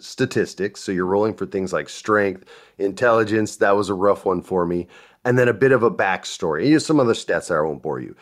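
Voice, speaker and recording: A man hosting a podcast, telling stories in a casual chat and acting out the voices of the people he quotes. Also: lowish voice. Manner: animated, acts out quoted voices. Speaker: podcast host.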